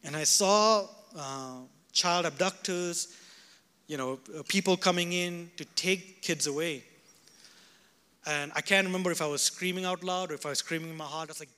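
A male pastor preaching at a revival gathering, fervent and shifting between shouts and quiet, prayerful tones. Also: sits high, lively intonation, moderate pace. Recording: echoey hall.

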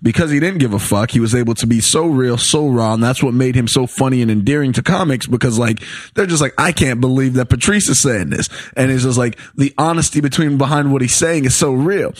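A male comedian as a podcast guest, chatting casually, profane and animated as he explains his points. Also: mid-range voice, quick pace, no echo, studio quality.

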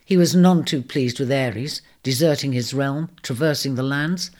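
A woman narrating a storybook in a measured, expressive reading. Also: extremely low pitch.

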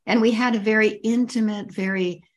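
Speaking at a medium pitch with fairly even intonation, this older woman tells a personal story as a guest on a podcast. She describes things vividly and repetitively, stretching out her emphatic words.

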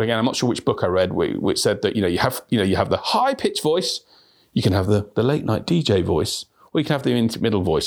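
Lively low-voiced man on a podcast. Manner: lively, repeats words when restarting, acts out example questions. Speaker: sales podcast host. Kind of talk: solo podcast talk.

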